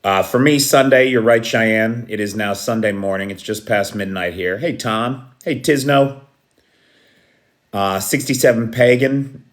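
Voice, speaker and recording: A man's voice: medium pitch, animated, slow, a bit bright. A man hosting a casual live stream, greeting viewers by name and chuckling at his own jokes. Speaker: livestream host. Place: Kyiv.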